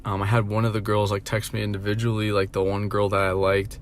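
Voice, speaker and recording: A man's voice: on the low side, completely flat delivery, fast talker, slight background noise. A young man rambling through a casual storytime vlog, full of fillers and swearing. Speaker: vlogger.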